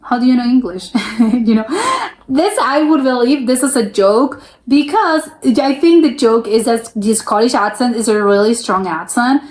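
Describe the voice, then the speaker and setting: A woman's voice: fairly high pitch, measured pace, a little mellow. Chatty young woman reacting, rambling. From United States. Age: young adult. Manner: rambling, self-interrupting, laughs often. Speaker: reaction video host. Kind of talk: casual reaction commentary.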